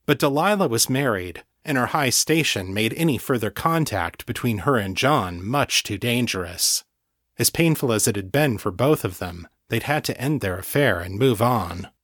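A man narrating a fantasy novel in a calm, measured way, close to the mic. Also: medium pitch, no echo. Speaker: audiobook narrator. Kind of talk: scripted narration.

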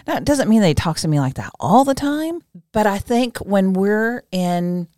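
A woman's voice: mid-range voice, very animated, moderate pace, a little mellow, dry recording, clean studio sound. A woman hosting a podcast interview, talking expressively and laughing easily. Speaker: podcast host. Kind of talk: conversational interview.

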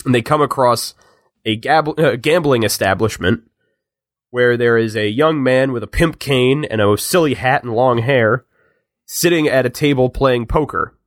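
A man hosts a podcast and recaps a film in a chatty storytelling way, tossing in quick asides. His voice sits at a middle pitch, recorded close and dry with no room sound. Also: no room sound. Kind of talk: casual chat.

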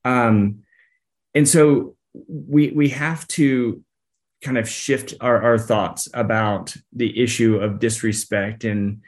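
A man's voice: mid-range voice, steady tone. A man co-hosting a parenting podcast, talking things through thoughtfully with frequent restarts. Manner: thoughtful, halting, restarts phrases with "um" and "you know". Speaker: podcast co-host, psychologist. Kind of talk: casual advice chat.

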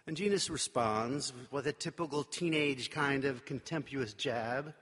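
A man's voice: medium pitch, a little slow, hardly any pauses, a bit bright, slightly rough. A male pastor giving a sermon in a conversational, wry way, with playful asides. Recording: long reverb of a large hall.

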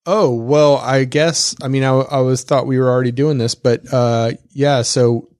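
A man's voice: medium pitch, steady tone, normal speed, darkish tone, no room sound, clean studio sound. A man co-hosting a podcast, chatting playfully and joking with his co-hosts, often rambling and restarting his sentences. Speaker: podcast co-host. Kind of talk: casual podcast banter.

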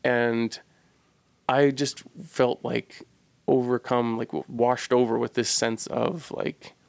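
A man recounts a personal story in a relaxed, earnest way, pausing to search for the right words. His mid-range voice carries a gravelly fry. The sound is dry and close, with no room echo. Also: medium pitch. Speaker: podcast co-host telling a personal story. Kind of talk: casual storytelling.

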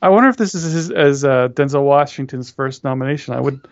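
A man's voice: medium pitch, a little fast, no echo. A man co-hosting a casual film podcast, hesitant and questioning, with frequent restarts. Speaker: podcast co-host. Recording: dry, dull lo-fi sound.

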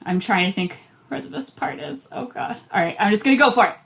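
Expressive woman podcast co-host. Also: a little high, fast, gravelly. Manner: expressive, emotional. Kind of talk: casual chat.

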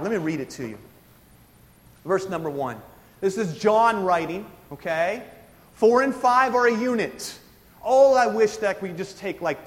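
A man's voice: fairly high pitch, in a large hall. A man preaching a sermon, explaining scripture with frequent asides and questions to his congregation. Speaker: pastor.

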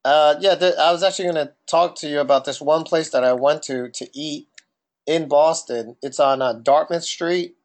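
A man's voice: fairly high pitch, normal speed. A young man from New Jersey with a New Jersey accent, co-hosting a casual podcast and asking questions between anecdotes. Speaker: podcast co-host. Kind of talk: casual chat.

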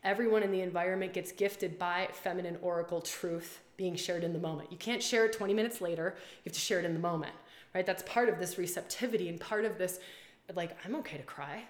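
Woman hosting a casual live stream, animated and blunt, repeats herself, roomy echo. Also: on the low side, fast talker. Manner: animated, swears freely, repeats phrases. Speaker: women's circle and retreat leader.

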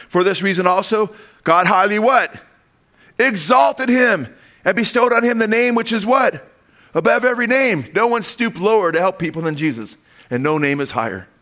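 Middle-aged pastor guy preaching, lively, keeps asking amen, a bit high voice. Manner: animated preaching with call-and-response amens. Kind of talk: sermon.

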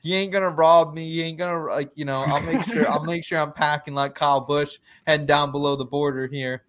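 A man's voice: a little high, fairly even intonation, a little fast, a bit bright. Chatty, laughing male podcast co-host. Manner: laughs often, stammers and restarts. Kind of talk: casual podcast chat.

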